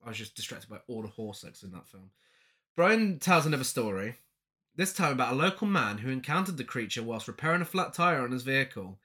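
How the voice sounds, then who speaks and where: A man's voice: medium pitch, sing-song, brisk, pushed and bright. A man co-hosting a podcast, chatting casually about a film with crude, sarcastic, mock-outraged questions. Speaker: podcast co-host. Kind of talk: casual film review chat.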